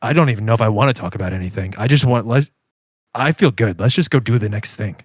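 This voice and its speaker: Low-voiced laid-back man role-playing. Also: fast talker, no room sound, studio quality. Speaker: player. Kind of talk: tabletop role-play chat.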